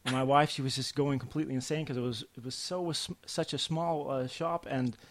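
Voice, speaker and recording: A man, a podcast guest telling a family story in a halting, lively way. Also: medium pitch. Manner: halting, restarts often, lively when telling stories. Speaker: podcast guest, comic artist. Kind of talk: casual storytelling chat.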